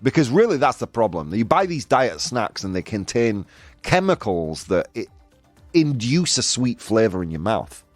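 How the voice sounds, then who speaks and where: Yorkshire male podcast host, lively rambling delivery, dry recording. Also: lowish voice, normal speed, dry recording, faint music behind. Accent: Yorkshire English. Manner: animated, jokey, rambling with restarts. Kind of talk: casual podcast chat.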